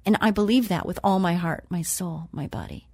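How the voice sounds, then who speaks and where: A woman hosting a Christian talk show who reads scripture slowly and with emphasis, then chats casually. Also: lowish voice, a little mellow, breathy edge, no echo.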